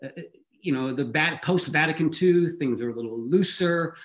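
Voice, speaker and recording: A man voicing his mother, a former nun, explaining things in a brisk, candid way. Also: fairly high pitch, lightly acted.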